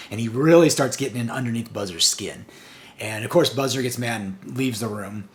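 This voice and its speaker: A man hosting a review channel, retelling a comic's plot in a casual, excited way with frequent chuckles. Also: mid-range voice, moderate pace.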